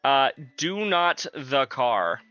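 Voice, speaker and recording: A man's voice: mid-range voice, sing-song, very slow, sharp tone, clear, resonant tone, no room sound, lo-fi sound, soft background music. A man streaming a video game live, chatting casually and joking with his viewers.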